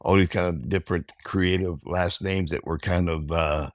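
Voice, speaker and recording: Interview guest, man in his fifties, deep voice, loose storyteller, dry recording. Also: normal speed, dry recording. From American South. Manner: relaxed, rambling, acts out quotes. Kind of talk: casual storytelling.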